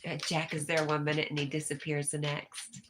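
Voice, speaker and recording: A woman with a notably low voice hosts a casual livestream, reading viewers' comments aloud. She is easygoing and gently reassuring, and she chuckles often. She is from New York. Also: completely flat delivery, a little fast, noisy background. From New York, USA. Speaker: livestream host.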